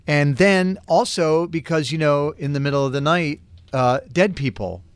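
A man hosting a morning radio call-in show, telling a story in an animated way. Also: a little high, moderate pace, clean tone, no room sound.

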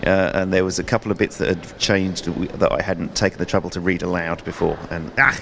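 Low-voiced self-deprecating British author. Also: male voice, steady tone, vocal fry, a bit bright, a little hiss or hum. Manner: self-deprecating, halting with restarts. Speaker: author and comedy writer guest. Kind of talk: casual radio chat.

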